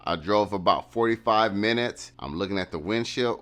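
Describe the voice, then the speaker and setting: A man's voice: on the low side, a little fast, hardly any pauses, a bit bright. A man hosting a casual vlog, telling a story animatedly and acting out the quotes of others. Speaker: vlogger.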